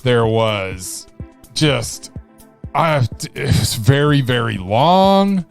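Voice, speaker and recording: A man's voice: mid-range voice, lively intonation, drawn-out words, vocal fry. Man, film podcast co-host, casual chat, enthusiastic, faint music behind.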